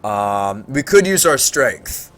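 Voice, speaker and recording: A man chatting casually while playing a game on stream, thinking aloud about what to do next. His voice sits at a medium pitch, and his talk is unhurried and conversational. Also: big pitch swings, a bit bright, soft background music. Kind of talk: casual gameplay chat.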